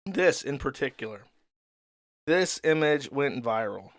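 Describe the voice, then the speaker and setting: A man hosting a show, giving rapid, deadpan, mocking commentary on internet content. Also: medium pitch, dry recording, clean studio sound. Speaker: show host. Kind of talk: sardonic commentary on online content.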